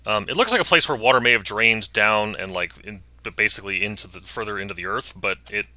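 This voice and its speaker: Hesitant male game master with a bright voice. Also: lowish voice, fast, no room sound. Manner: hesitant, searching for words. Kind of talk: narrating a tabletop game.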